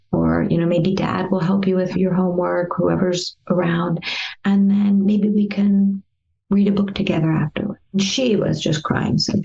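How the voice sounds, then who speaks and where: A woman therapist in an interview, telling a client's story and acting out the past conversations in a gentle, lively way. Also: fairly low pitch, moderate pace, creaky, dull audio. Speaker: therapist guest.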